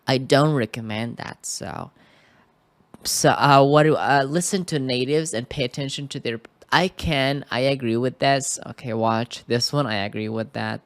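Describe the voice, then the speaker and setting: A man gives a screen-recorded English tutorial from a computer microphone indoors, speaking at a measured pace in a mid-range voice with no echo. He sounds hesitant and keeps checking in with "okay?"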